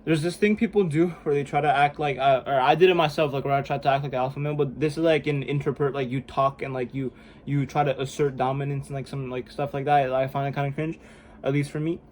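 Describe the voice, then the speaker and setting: A man's voice: medium pitch, steady tone, quick pace, a little mellow, a little hiss or hum. A young man vlogging casually and self-consciously, rambling with lots of "like" and "bro". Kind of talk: casual self-help vlog. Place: room indoors at home.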